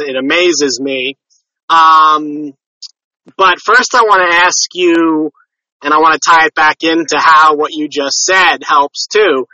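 A man hosting a casual interview, asking questions in a hesitant, halting way. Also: on the high side, bright, forceful tone, no echo, far from the mic. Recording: dull sound, away from the mic.

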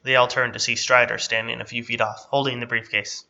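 Give me a man narrating a story in a steady, bright voice on a slightly dull recording. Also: medium pitch, brisk, gravelly.

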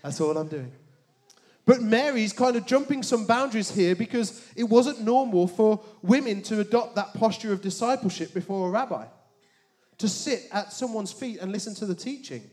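A man preaching a sermon, animated, with joking asides and dramatic hushed emphasis on key words. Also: sits high, normal speed. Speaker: pastor.

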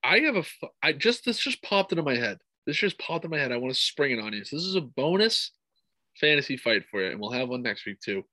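A man co-hosting a casual podcast, talking excitably, swearing freely and acting out his own reactions. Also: mid-range voice, fast, no room sound. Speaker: podcast co-host. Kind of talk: casual fight-talk podcast chat.

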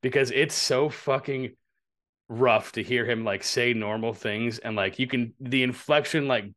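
A man co-hosting a podcast in casual chat, telling stories in a loose, profane, animated way. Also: medium pitch, a little slow. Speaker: podcast co-host.

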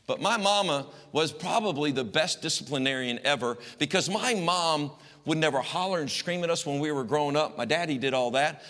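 Bright-voiced, animated middle-aged preacher. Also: male voice, fairly high pitch, fairly quick. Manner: animated, folksy, swings between loud and hushed. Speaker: pastor. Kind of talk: storytelling sermon. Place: church sanctuary. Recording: long church reverb.

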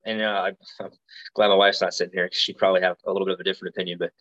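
A man in his thirties from Alabama talks through his recruiting days in a relaxed interview, winding through thoughts with fillers and restarts. His voice sits low. The recording sounds dull and lo-fi. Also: racing. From Alabama, USA. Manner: rambling, frequent fillers and restarts. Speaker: guest, Marine recruiter. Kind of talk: casual interview storytelling.

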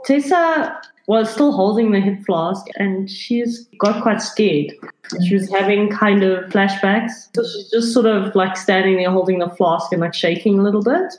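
A woman's voice: mid-range voice, a little mellow. Woman player in an echoey room. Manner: halting, stammering in character. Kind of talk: tabletop role-play.

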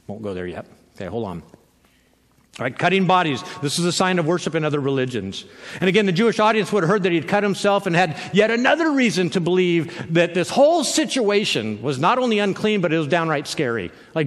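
A man's voice: fairly high pitch, animated, a little fast. A man preaching a sermon in a conversational way, often checking in with the listeners by asking "right?". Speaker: pastor. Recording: long reverb of a large hall.

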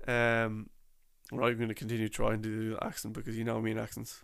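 Chatty young man with a gravelly voice. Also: mid-range voice, completely flat delivery, fast, fairly bright tone. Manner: chatty, rambling, with slang and restarts. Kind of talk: casual storytelling about a trip.

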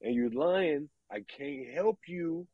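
A man's voice: a little high, slow pace, breathy edge, no echo, highs cut off. A man in a casual podcast chat, speaking earnestly and checking in with his listeners.

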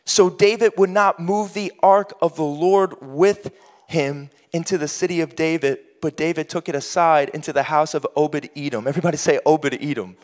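A man's voice: on the high side, steady tone, normal speed, long reverb tail. A male pastor preaching a sermon, who builds in rising bursts and acts out imagined voices of his listeners.

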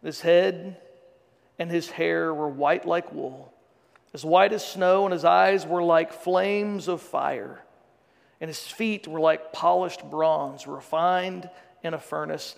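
A man's voice: fairly high pitch, vocal fry. A male pastor preaching a sermon, reading scripture dramatically and slipping in joking asides. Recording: long reverb of a large hall.

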